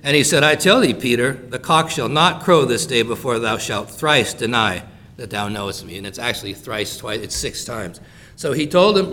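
Animated preacher man, bright voice. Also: mid-range voice, normal speed, slight background noise. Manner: animated, acts out quoted lines in voices. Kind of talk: sermon.

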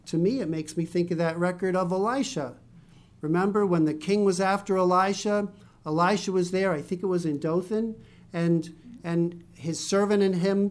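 A preacher giving a Bible-teaching sermon in a conversational way with joking asides, reading scripture slowly. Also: mid-range voice.

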